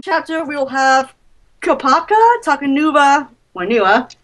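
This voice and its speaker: A woman's voice: high-pitched, a little slow, a bit bright, poor audio. A woman, writer and director of an audio drama, talking casually with her cast over a video call.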